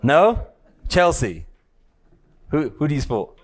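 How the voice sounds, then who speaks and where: A man's voice: on the high side, sing-song, slow pace. A man teaching a spiritual lesson to a live audience, talking casually, teasing and checking in often. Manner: conversational, teasing, keeps checking in with "yeah?" and "right?".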